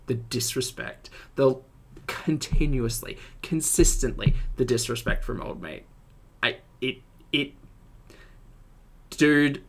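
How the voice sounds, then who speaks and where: Bright-voiced man reacting. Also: mid-range voice. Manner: animated, exasperated, chatty. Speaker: reaction streamer. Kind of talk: casual reaction commentary.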